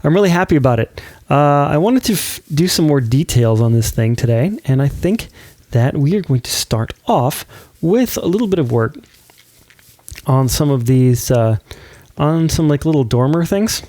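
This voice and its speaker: A man's voice: a little high, lively intonation, moderate pace, mellow, dry recording. Chatty giggling man playing a building game. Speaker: let's play host. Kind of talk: casual gameplay commentary.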